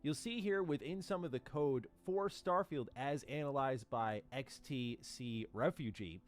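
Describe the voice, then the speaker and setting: A man's voice: medium pitch, measured pace. A man presenting gaming news to his viewers in a scripted commentary. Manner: addresses viewers directly.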